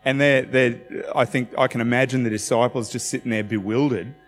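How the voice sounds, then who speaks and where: A pastor preaches a loose, conversational sermon in a mid-range voice, brisk and fairly even in intonation. He drops in self-deprecating asides and acts out quotes, while a long hall reverb and faint music fill the recording.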